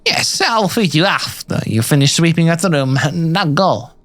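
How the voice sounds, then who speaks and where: A man's voice: on the high side, lively intonation, moderate pace, a bit bright, pitched above the performer's own voice. A man doing a smug villain with a put-on German accent. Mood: menacing. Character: sinister older male cult leader. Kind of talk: reading a fan otome game aloud with voices.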